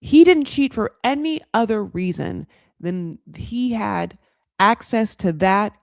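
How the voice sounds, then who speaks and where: Brief: sarcastic female recap host, lively pitch, dry close sound. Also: takes it slowly, vocal fry, no room sound. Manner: animated, sarcastic, swears freely. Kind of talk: comedic reality TV recap commentary.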